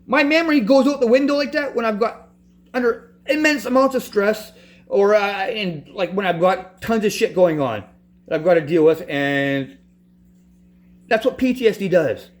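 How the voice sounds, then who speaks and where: A man with a noticeably high voice rants in frustration. He swears constantly and keeps breaking off and restarting his sentences as he tells his own story. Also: normal speed. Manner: profane, frustrated, restarts often. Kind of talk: angry personal rant.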